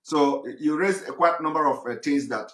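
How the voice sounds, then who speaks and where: A man hosting a talk show and moderating a caller, speaking haltingly with many fillers and restarts. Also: on the high side, fairly bright tone, roomy sound. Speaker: host.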